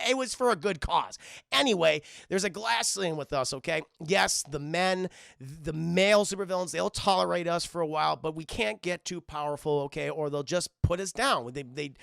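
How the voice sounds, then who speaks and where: A man's voice: fairly high pitch, creaky, pushed and bright, dry recording, studio quality, full character voice. A man voicing a flustered female plant villain who stammers and hesitates. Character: woman plant villain, shy and flustered, then lecturing.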